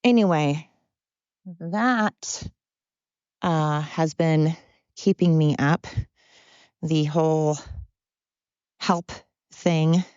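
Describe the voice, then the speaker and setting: Low-voiced woman rambling candidly. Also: drawn-out words, long pauses, darkish tone, clear, resonant tone, dry recording, muffled recording. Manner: rambling, blunt and self-deprecating. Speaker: podcast host. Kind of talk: candid monologue.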